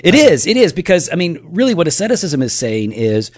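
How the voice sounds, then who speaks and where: A man's voice: on the high side, sing-song, a little fast, a little mellow, dry recording, studio quality. A man co-hosting a casual theology podcast, earnest and a bit teasing, often restarting his sentences. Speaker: podcast co-host.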